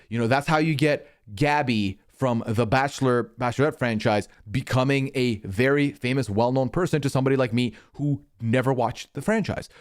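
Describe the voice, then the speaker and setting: A man streaming casual commentary, rambling and swearing freely, pitch jumping up when he gets worked up. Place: hot indoor room.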